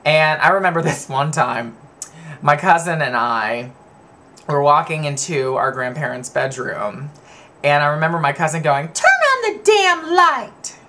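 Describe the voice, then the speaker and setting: A man's voice: on the high side, moderate pace, bright, forceful tone. Candid rambling man telling stories. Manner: candid, rambling, laughs at himself. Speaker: vlogger. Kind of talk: personal storytelling to camera.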